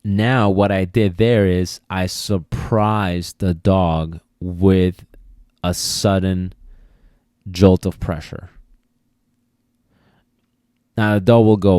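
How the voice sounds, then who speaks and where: A man's voice: low voice, steady tone, slow, long pauses, dark tone, clean tone, dry recording, clean studio sound. A man hosting a podcast, explaining dog training in a casual, repetitive way and sometimes acting out commands. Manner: explanatory, repeats himself, acts out commands. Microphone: podcast mic.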